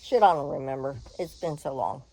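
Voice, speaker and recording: An older woman telling a personal story in a frank, animated way, laughing and swearing freely. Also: extremely low pitch, a little fast, a little hiss or hum, poor audio.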